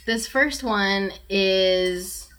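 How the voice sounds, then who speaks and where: Bright-toned chatty woman podcast host. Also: mid-range voice, very slow, clean tone. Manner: chatty, full of ums and likes. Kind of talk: casual chat.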